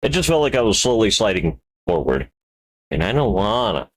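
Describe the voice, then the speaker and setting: A man with a notably deep voice narrates his own work in loose, casual stream talk. He wanders off into playful self-talk and small word jokes between steps. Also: very animated, moderate pace. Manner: rambling, playful self-talk with wordplay asides. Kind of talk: casual live-stream talk while 3D modeling.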